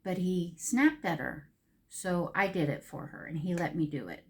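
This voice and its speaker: A woman's voice: lowish voice, moderate pace, slight background noise. A middle-aged woman chatting casually while doing her makeup, telling a long rambling story with emotional ups and downs. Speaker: makeup vlogger.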